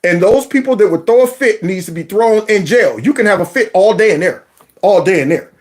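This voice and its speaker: A man's voice: high voice, expressive, brisk. A man hosting a political commentary vlog, folksy and storytelling, who keeps calling his audience y'all. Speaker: host.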